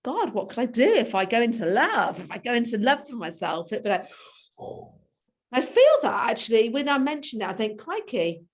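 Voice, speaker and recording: A woman's voice: fairly high pitch, very animated, normal speed. A woman in her fifties, a coaching client who talks things through openly, laughing often and trailing off to restart her thoughts. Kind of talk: reflective conversation.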